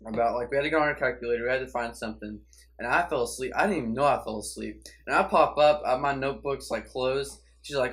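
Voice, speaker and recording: A man's voice: mid-range voice, quick pace, fairly bright tone. A teenage boy chatting casually with friends about falling asleep in class. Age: teens. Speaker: student. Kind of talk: casual chat among friends.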